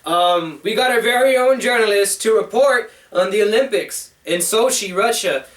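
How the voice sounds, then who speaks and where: A man's voice: high-pitched, normal speed, fairly bright tone. Brief: laid-back male co-host, rambling and casual, mic at a distance. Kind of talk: casual comedy chat. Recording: echoey room, mic at a distance.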